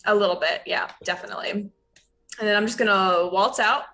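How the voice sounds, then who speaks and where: A woman's voice: medium pitch, fairly even intonation, brisk, vocal fry, pushed and bright. A woman playing in a tabletop game, chatting casually and laughing easily. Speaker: player.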